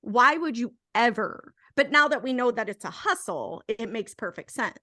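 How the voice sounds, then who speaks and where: A woman's voice: fairly high pitch, lively intonation, normal speed, bright, forceful tone, no room sound, clean studio sound. A tipsy woman co-hosting a casual movie review, blunt and opinionated. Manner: blunt and opinionated, laughs easily. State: tipsy from drinking. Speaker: podcast co-host.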